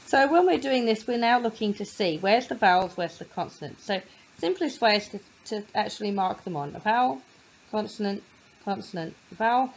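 A woman's voice: medium pitch, expressive, poor audio. Patient woman tutor teaching phonics. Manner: patient, sounds words out slowly. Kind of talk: phonics lesson explanation.

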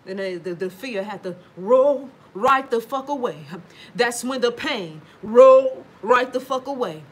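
A woman's voice: a little high, lively intonation, unhurried, husky. Emphatic woman, swearing freely. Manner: emphatic, swears freely, addresses viewers directly. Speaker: livestream talker reading viewer comments. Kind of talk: casual profane livestream monologue. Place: at home.

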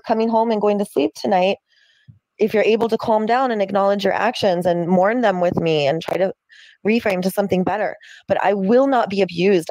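A woman setting boundaries over the phone in a firm, measured, lecturing tone. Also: medium pitch, a little mellow, no echo, studio quality. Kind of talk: calm therapy-speak argument.

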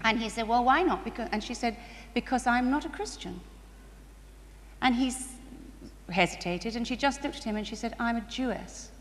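Telling church stories sermon-fashion, this woman's voice sits on the high side as she speaks at a church conference. Animated and often laughing, she breaks into bursts of excitement, recorded from afar in a reverberant hall with faint ambient noise.

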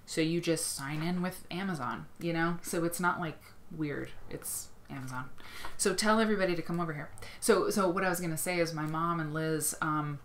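A woman from Iowa hosting a casual livestream, gushing and rambling excitedly as she shares quilt pictures. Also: low-pitched, moderate pace, slight background noise. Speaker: livestream host.

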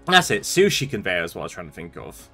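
A man's voice: sits low, huge pitch swings, quick pace, creaky, sharp tone, soft background music. Sleepy man chatting on stream. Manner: chatty, rambling, reads out chat messages. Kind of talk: casual live-stream chat while gaming.

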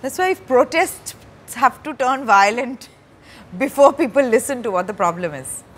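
A woman, talking as a guest in a candid stage interview, soft-spoken and hesitant with many fillers. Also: on the high side, expressive, moderate pace, a little hiss or hum. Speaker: actor and director, interview guest. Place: stage before a live audience.

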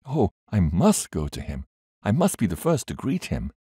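Male reader playing an earnest young heroine; lifted pitch, warm, dry studio read. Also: wildly swooping pitch, normal speed, husky, no room sound, heavily acted. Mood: pleading. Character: earnest young woman, eager and pleading.

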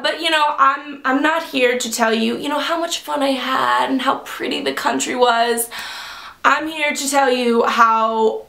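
A young woman vlogger telling a comic personal story, animatedly acting out the quoted lines with sudden high jumps. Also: bright, forceful tone, roomy sound.

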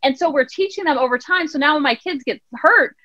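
A woman, a child counselor and life coach, talking as a guest on a podcast, animated and acting out quotes in voices. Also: high-pitched, brisk, no room sound, muffled recording. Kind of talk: podcast interview conversation.

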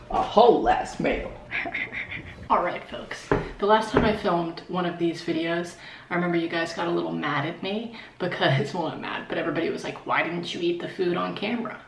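A woman's voice: fairly low pitch, moderate pace. A young woman casually chatting as she cooks and eats at home, bubbly and swearing now and then. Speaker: cooking vlogger. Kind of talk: casual cooking vlog. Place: home kitchen. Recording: echoey kitchen, clear background noise.

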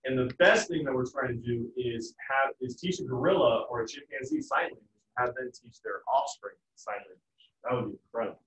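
A man's voice: mid-range voice, brisk, fairly bright tone. Joking male teacher in an echoey classroom. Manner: casual, joking, acts out family voices. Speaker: biology teacher. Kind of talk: classroom lecture. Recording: echoey, distant, dull room sound.

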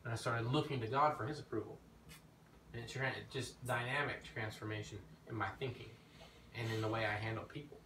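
A man preaching an informal teaching sermon, telling his own story in an animated way that rises when he gets emphatic. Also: mid-range voice, fairly quick. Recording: echoey room, mic at a distance, faint background noise.

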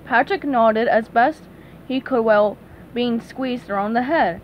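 A woman reading a children's storybook aloud with an expressive storytelling manner. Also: a little high, a little slow, slight background noise, poor audio. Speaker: storybook reader.

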